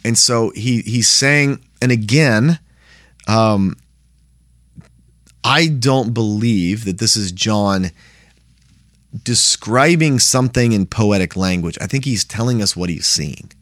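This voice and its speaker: A man's voice: fairly low pitch, slow, pauses often, fairly bright tone, no room sound, studio quality. A man teaching a Bible study in a plain, conversational way, often checking in with "right?".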